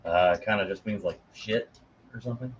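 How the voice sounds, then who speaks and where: A man co-hosting a casual chat, laid-back and quick to laugh. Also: on the low side, lo-fi sound, crowd noise. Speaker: co-host.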